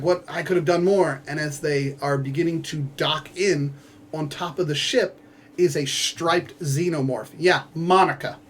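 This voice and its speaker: Young man rambling through a book summary. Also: high voice. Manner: rambling, lots of fillers and quick asides; acts out characters and gun sounds. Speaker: book reviewer.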